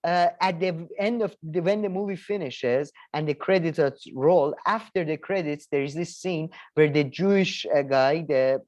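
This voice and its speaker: A man co-hosting a casual film review chat, rambling with many restarts and animated asides. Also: a little high, normal speed, hardly any pauses, no room sound, dull audio. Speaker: co-host.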